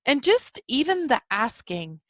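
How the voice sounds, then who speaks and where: A sleepy woman hosts a solo podcast, yawning, giggling, and rambling casually about spiritual ideas. Her high-pitched voice is very animated and a bit bright, delivered at a measured pace with no room sound.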